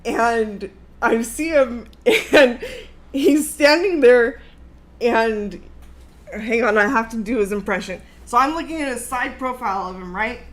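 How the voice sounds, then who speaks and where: A woman in her thirties hosting a livestream, telling a story in a casual, animated, profane way and laughing along the way. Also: on the high side, unhurried. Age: 30s. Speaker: livestream host.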